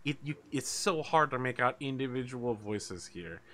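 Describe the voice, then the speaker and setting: A man running a tabletop game, narrating scenes in a loose, joking way. His voice is bright, and he drops in the odd swear word. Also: mid-range voice, lively intonation, normal speed. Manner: casual, swearing, laughs at own jokes. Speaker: game master.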